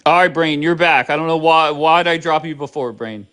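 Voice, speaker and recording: A man's voice: fairly high pitch, brisk, fairly bright tone, clean tone. Blunt, sarcastic male stream host. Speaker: livestream host. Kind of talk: casual live-stream chat.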